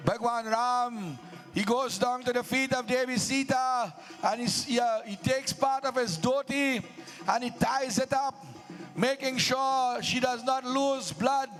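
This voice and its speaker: Male devotional storyteller, very high voice, slow dramatic preacherly phrasing. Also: steady tone, a bit bright, soft background music. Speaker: Ramleela narrator.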